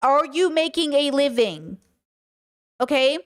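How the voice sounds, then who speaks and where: A woman hosting a stream, giving casual commentary in an emphatic, animated way and repeating her points. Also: high voice, slow pace. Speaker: streamer and podcast host.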